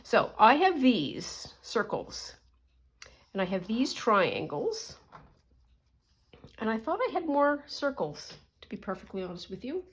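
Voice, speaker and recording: A woman's voice: on the high side, very animated, measured pace, breathy edge. A middle-aged woman from Canada, chatting casually in a rambling way full of asides while she works on a craft journal. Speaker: crafting vlogger.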